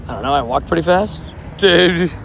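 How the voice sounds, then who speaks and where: A young man streaming a mobile game while walking outdoors, chatting and joking at himself, his voice a little hoarse. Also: on the high side, lively intonation, moderate pace, fairly bright tone, a little hiss or hum. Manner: chatty, joking, self-mocking banter. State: slightly hoarse, losing voice. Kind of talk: casual livestream commentary while playing.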